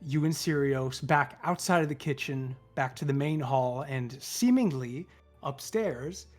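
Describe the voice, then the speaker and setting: A woman narrating a tabletop game as game master in a casual, animated way. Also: very deep voice, unhurried, soft background music.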